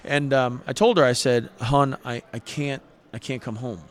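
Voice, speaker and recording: A man's voice: medium pitch, moderate pace. A middle-aged man, a poker player guest on a show, telling personal stories in an earnest, heartfelt way with frequent restarts. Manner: heartfelt, earnest, animated retelling with many restarts. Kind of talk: conversational storytelling.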